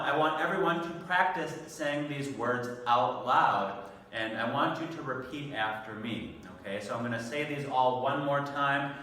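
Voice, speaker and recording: A man teaching an online English vocabulary lesson, speaking slowly and patiently with careful pronunciation. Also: medium pitch, bright, forceful tone, far from the mic, slight background noise. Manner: slow, patient, clearly enunciated teacher talk. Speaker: ESL teacher. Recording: echoey room, voice off-mic.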